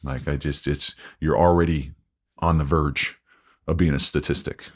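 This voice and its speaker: Deep-voiced man recounting, halting. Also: steady tone. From United States. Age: 40s. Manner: halting, many restarts and fillers, quoting himself. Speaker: podcast guest. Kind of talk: candid interview.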